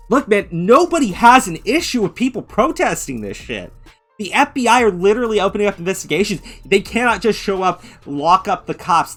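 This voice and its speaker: A man's voice: sits high, fairly bright tone. Ranting, profane male commentator. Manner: ranting, profane, mocks others in put-on voices. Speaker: commentary channel host. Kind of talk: angry reaction commentary.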